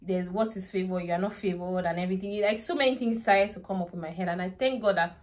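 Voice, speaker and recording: This young mom speaks fast in a lowish voice as she recounts a dramatic episode with her toddler for her vlog. She laughs a lot and keeps breaking into prayerful asides.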